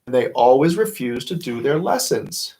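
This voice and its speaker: A man reading as a mild, gentle schoolteacher lady. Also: medium pitch, animated, normal speed, lightly acted. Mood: pleading. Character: gentle young woman schoolteacher. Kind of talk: picture-book read-aloud.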